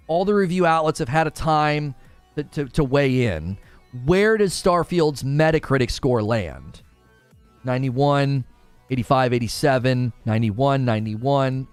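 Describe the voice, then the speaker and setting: A man hosting a casual gaming livestream, chatting with viewers and reading their comments aloud in a quick, talkative way. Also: on the high side, no room sound.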